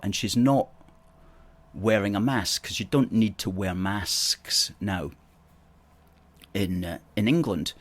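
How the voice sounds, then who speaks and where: A man with a Scottish accent hosting a livestream, chatting in an opinionated, rambling way, reading out viewer comments and correcting himself as he goes. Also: sits low. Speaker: host.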